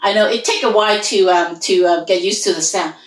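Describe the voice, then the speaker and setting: A woman's voice: medium pitch, brisk. A woman whose first language is Hmong, teaching a language lesson and patiently repeating and drilling each sound. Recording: roomy echo.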